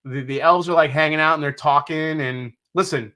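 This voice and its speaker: A man's voice: fairly high pitch, normal speed, sharp tone. A man from New York hosting a casual live stream, reading out viewer comments, joking, swearing casually and laughing often. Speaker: livestream host.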